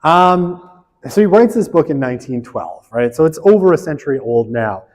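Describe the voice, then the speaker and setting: A man's voice: a little high, big pitch swings, normal speed, darkish tone, long reverb tail, rough recording. A man giving a casual university sociology lecture, chatty and self-deprecating, often checking in with "right?". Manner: chatty, frequent "right?" tag questions, self-deprecating asides.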